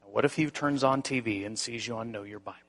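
The inner voice of God, calm and unhurried, asking quiet probing questions. The voice is low and hushed, as a preacher puts it on. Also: male voice. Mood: questioning.

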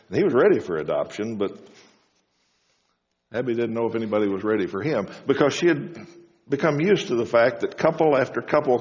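A man delivers a sermon in a homespun storytelling way, lifting his voice high for quoted lines. The sound is dull and lo-fi, with a long reverb trailing each phrase. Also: darkish tone. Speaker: preacher.

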